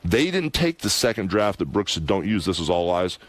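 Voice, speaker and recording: A middle-aged former wrestler, appearing as a radio guest, tells a long personal story in a deep voice with big pitch swings and a brisk pace. He's candid, emphatic, and rambling, peppering his talk with "you know" and "anyway," and the recording is dry.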